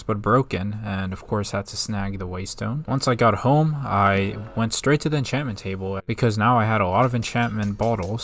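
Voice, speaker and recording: Brief: man, lower register, gaming creator recapping a survival run, casual and upbeat, quick to yelp at danger. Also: a little hiss or hum. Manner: upbeat recap narration broken by excited outbursts. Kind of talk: casual gameplay narration with live reactions.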